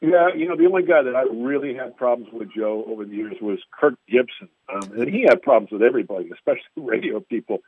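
A man's voice: mid-range voice, fast talker, hardly any pauses, breathy edge, no echo. A man, a sports radio reporter, telling stories in casual chat and acting out quotes in raised voices. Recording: tinny phone-line sound, dry.

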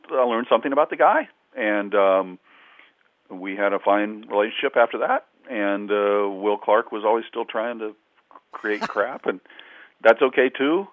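A man's voice: fairly low pitch, no room sound. A man, a sportswriter guest, telling rambling anecdotes in a casual interview, chuckling often and leaning on lots of fillers. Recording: tinny phone-line audio, dry.

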